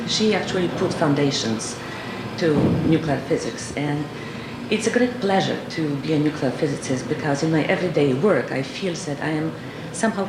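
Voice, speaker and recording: A woman from Poland with a Polish accent, giving an earnest, gracious acceptance speech at an awards dinner, pausing often and adding light humor. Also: low voice. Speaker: award recipient and scientist. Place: large dinner hall. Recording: echoey banquet hall with loud background noise.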